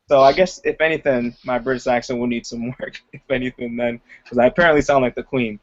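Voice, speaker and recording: A young man in the middle pitch range talks loosely as an interview guest, filling his sentences with "like" and "you know." He laughs easily as he goes. The audio sounds dull and lo-fi. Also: fairly even intonation, fast, few pauses, a little hiss or hum. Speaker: guest, aspiring comedian. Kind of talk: casual interview chat.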